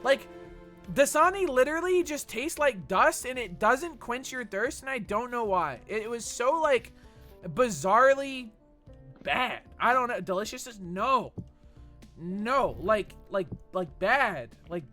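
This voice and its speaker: A man's voice: very high-pitched, very animated, measured pace, bright, forceful tone, soft background music. A young man streaming a game, chatting casually and reading chat with a rambling, sweary manner full of fillers.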